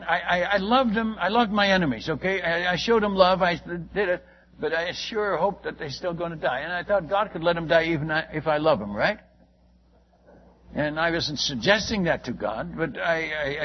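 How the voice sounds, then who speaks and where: A man's voice: a little high, slightly rough. An older man telling a long, folksy story about his missionary work in a rambling, casual way, full of restarts and asides. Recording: muffled lo-fi recording with faint hiss.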